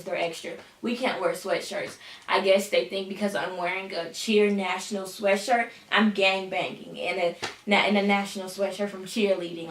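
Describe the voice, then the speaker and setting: Here a teenage girl tells a casual storytime vlog in a medium-pitched voice, recorded far from the microphone in a room with echo. Full of sass, she throws in dramatic asides and says "honey."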